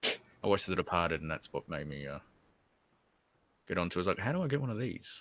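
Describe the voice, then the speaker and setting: Laid-back Australian man, low voice. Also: sing-song, fast talker, fairly bright tone, no room sound. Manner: laid-back, profane, joking. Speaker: livestream co-host. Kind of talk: casual livestream chat.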